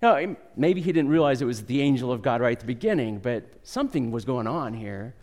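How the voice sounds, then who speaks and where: A man's voice: medium pitch, expressive, a little fast, a little mellow, long reverb tail. A man preaching a sermon, reading scripture and then speaking earnestly, acting out quoted voices with rising intensity. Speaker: pastor.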